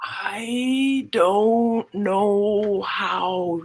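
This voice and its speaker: A woman hosting a casual live stream, chatting excitedly and greeting viewers by name. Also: a little high, measured pace.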